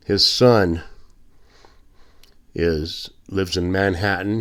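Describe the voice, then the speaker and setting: A man's voice: fairly low pitch, takes it slowly, long pauses. A man delivering a blunt, indignant opinion monologue as a podcast host, with sarcastic asides. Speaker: political commentator.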